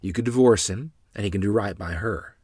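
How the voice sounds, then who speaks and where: A businesslike country lawyer lays out the options in a matter-of-fact way, voiced by a man. The voice is deep and husky, and the recording sounds close and dry. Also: brisk, darkish tone, no echo.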